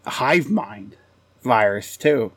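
A man's voice: mid-range voice, expressive, very slow, breathy edge, no room sound. A man from Pennsylvania co-hosting a gaming podcast, hesitant, with lots of uhs and short answers. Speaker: podcast co-host. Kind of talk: casual gaming podcast chat.

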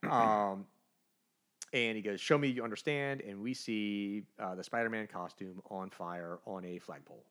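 A man with a lowish voice and a bright, forceful edge tells a comic's plot in casual chat. He acts it out as he goes, dropping into quick character voices. His tone is lively and animated. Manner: animated storyteller, briefly voicing characters. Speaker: podcast co-host. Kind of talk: casual comic book recap.

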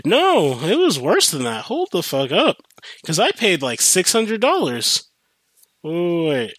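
A young man hosting a podcast, telling a rambling, profane story in a casual, animated way with many restarts. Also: high-pitched, takes it slowly, dry recording. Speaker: podcast host.

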